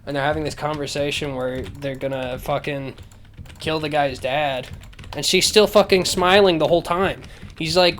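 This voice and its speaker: A man's voice: on the high side, normal speed, a bit bright, slight background noise. A man ranting casually on a podcast, sarcastic and profane, rambling with lots of fillers, close to the mic. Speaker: podcast host. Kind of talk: casual rant. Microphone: close microphone.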